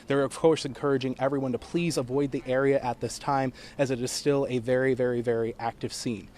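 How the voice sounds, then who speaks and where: A man working as a television news reporter, speaking in a crisp, steady broadcast delivery while reporting live from outdoor scenes. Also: mid-range voice, brisk, slight background noise.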